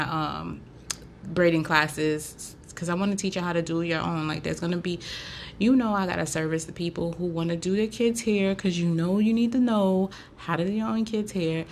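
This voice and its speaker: This Haitian woman's voice is on the low side as she hosts a casual chat program, talking loosely and leaning on fillers. She's a podcast host and braider. Some faint hiss or hum is present.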